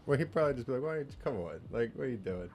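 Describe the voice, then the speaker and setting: A man's voice: medium pitch, animated, rapid-fire, a little mellow, a little hiss or hum. A laid-back man telling a rambling story in casual podcast chat, swearing now and then. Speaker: podcast co-host.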